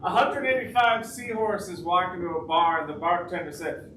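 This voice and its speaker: A man's voice: high-pitched, steady tone, a little fast, hardly any pauses. A man playing an improv comedy game on stage, telling jokes with a playful delivery and laughing at his own punchlines. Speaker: improv player. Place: stage in a hall with a live audience. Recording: echoey, distant, noisy hall.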